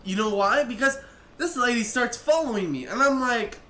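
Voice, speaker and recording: A man's voice: extremely high pitch, animated, normal speed, pushed and bright. Young man rambling through a story. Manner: rambling, restarting sentences, lots of "like" and "I'm like". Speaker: vlogger. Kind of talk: casual storytelling to camera. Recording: echoey room with faint noise.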